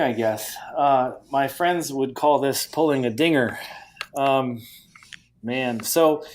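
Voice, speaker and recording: Self-deprecating man telling a story. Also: mid-range voice. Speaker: podcast co-host. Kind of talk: casual anecdote.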